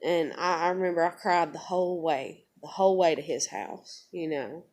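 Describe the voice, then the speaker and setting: A woman's voice: lowish voice, normal speed, a little mellow. A young woman, telling a personal story to her vlog in a blunt, profane, emotional way. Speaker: vlogger.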